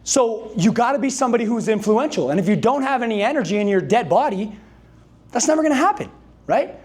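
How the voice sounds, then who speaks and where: Sales trainer, male, very high pitch, loud hype delivery, keeps pulling the room into call-and-response. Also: fast talker. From Canada. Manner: energetic, hype-driven, calls on the audience to answer and repeat. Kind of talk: motivational speech to a live sales team. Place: dealership meeting room with a live audience.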